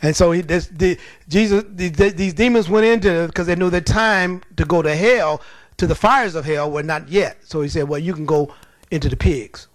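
A male preacher delivering a lively, folksy sermon, telling stories with laughter and reading scripture slowly. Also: high-pitched, no room sound. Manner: animated, folksy, laughing at his own stories; reads scripture slowly and deliberately.

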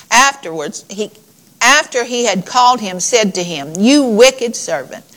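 A woman's voice: mid-range voice, fairly bright tone, poor audio. A woman preaching a sermon in a conversational, folksy way, reading scripture aloud and addressing her congregation.

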